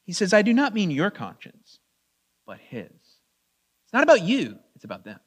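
A man preaching a verse-by-verse sermon in a conversational way, asking the audience questions and reading scripture slowly with drawn-out emphasis. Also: high-pitched, wildly swooping pitch, breathy edge. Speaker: pastor. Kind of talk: expository sermon.

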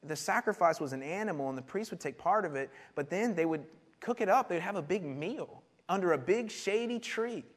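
Pastor, man, conversational sermon delivery, animated, a touch high-pitched. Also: brisk, few pauses. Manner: animated, laughs often, repeats words.

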